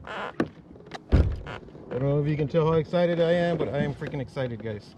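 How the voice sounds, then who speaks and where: A man vlogging while fishing from a kayak, talking excitedly to viewers and swearing often. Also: fairly high pitch, normal speed, long pauses, very noisy. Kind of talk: casual vlog narration. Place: on a kayak outdoors on the water.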